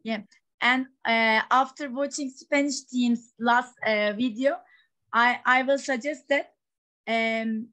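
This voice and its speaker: A woman moderating an online teachers' meeting over a video call, speaking haltingly and with appreciation. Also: fairly high pitch, fairly bright tone.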